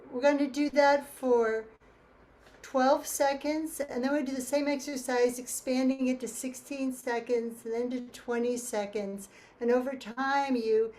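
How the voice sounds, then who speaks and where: Female choir leader, fairly high voice, unhurried, counts beats through breathing drills. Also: darkish tone. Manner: slow, counting beats, instructive. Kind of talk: guided breathing warm-up. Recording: faint ticking metronome.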